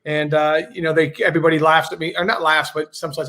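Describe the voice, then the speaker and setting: A man's voice: fairly high pitch, flat delivery, fast, bright, forceful tone. A man guest on a casual video-call chat, talking in a rambling way with many fillers and restarts. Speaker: guest bowler.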